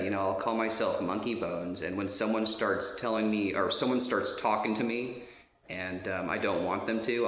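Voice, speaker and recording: A man spins a loose, casual anecdote in a lowish voice, wandering through fillers and restarts and swearing without a second thought. The sound bounces around a roomy space, giving it a hollow echo. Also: a bit bright. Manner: rambling, many fillers and restarts, swears freely. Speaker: storyteller.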